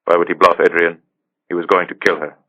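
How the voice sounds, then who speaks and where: A man's voice: deep voice, flat delivery, fairly quick, bright, forceful tone, poor audio. A male narrator voicing a guarded spy who answers in short, clipped lines. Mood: terse. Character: terse, guarded male spy and art restorer.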